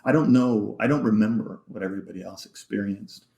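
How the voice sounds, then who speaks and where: A man, a podcast guest, telling an emotional personal story in a halting way, repeating words and sometimes dropping almost to a whisper. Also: fairly low pitch, vocal fry, warm tone. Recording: echoey room.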